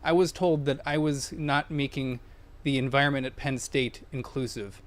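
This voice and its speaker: A man who is a former academic, appearing as a guest on a panel show. He explains his points in a measured way. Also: mid-range voice, fairly even intonation. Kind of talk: panel discussion. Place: podcast studio.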